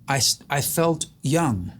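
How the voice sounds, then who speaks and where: A man's voice: mid-range voice, animated, slow, fairly bright tone, husky. An older man hosting an interview, asking long reflective questions that he builds up with stories of his own. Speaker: host. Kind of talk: interview conversation.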